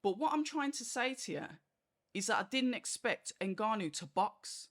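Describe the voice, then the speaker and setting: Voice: mid-range voice, lively intonation, normal speed, a bit bright. A boxing channel host talks through a fight review in a rambling, chatty way. The talk is full of "like" and "you know", and the host acts out quoted reactions. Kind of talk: casual fight review monologue.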